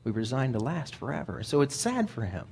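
A man's voice: medium pitch, sing-song, fairly quick, creaky, darkish tone, slight background noise. A man preaching a sermon in a conversational way, often repeating words as he thinks aloud.

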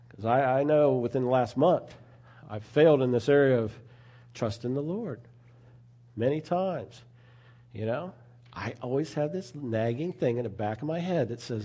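Earnest conversational male preacher, mellow voice. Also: medium pitch. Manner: conversational, earnest, with asides like "you know". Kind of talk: sermon.

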